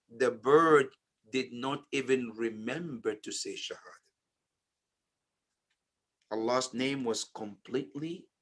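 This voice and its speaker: Guy giving a slow sermon, kinda high voice, goes loud then drops real quiet. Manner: slow, swings between loud emphatic phrases and hushed low ones. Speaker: speaker at a memorial majlis. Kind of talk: sermon storytelling. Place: community center.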